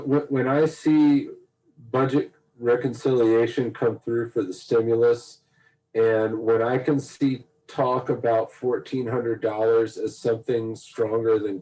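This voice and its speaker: A man on a podcast who speaks slowly and hesitantly while working through his questions. His voice is mellow, warm and mid-pitched. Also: distant mic, low-quality recording. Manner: slow, searching, hesitant questions. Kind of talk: casual political podcast chat.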